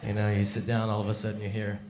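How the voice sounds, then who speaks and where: A man performing a live stand-up set on a comedy club stage, wry and deadpan, speaking into a stage mic. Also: fairly low pitch, quick pace. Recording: echoey club with loud crowd.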